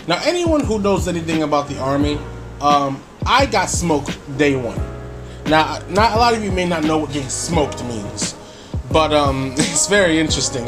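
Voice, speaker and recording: A man on his own channel telling a story in a casual, rambling way, with many fillers and chuckles, over background music. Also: fairly high pitch. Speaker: YouTuber.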